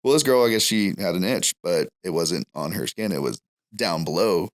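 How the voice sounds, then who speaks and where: A man's voice: deep voice, animated, moderate pace. Rambling, laughing male storyteller. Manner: rambling, laughs through his stories. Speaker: podcast guest. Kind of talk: casual storytelling chat.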